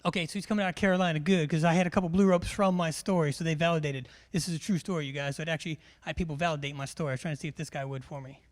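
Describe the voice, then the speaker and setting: A man's voice: fairly high pitch, fairly even intonation, racing, hardly any pauses. A man, a military instructor giving a live classroom briefing in a large hall, joking and quizzing his audience.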